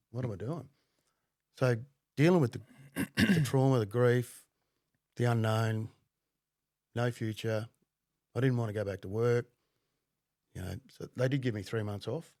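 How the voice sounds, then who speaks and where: A middle-aged man, a podcast guest telling his story bluntly, with plenty of swearing and halting fillers. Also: mid-range voice, darkish tone, dry recording, studio quality. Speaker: podcast guest, former undercover cop. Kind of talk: casual conversational storytelling.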